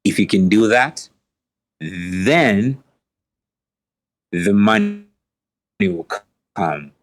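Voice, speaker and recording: A man's voice: lowish voice, big pitch swings, very slow. A man who is a guest in a casual podcast chat, giving earnest advice and agreeing often. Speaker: guest entrepreneur.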